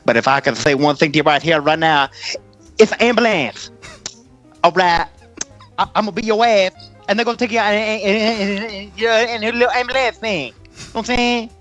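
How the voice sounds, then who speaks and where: A man's voice: sits high, fairly quick, fairly bright tone, dull audio, faint music behind. A man doing an impression of a folksy, boastful old Southern wrestling legend, drawling and rambling on a casual podcast. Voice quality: drawling, rambling brag with rhymes.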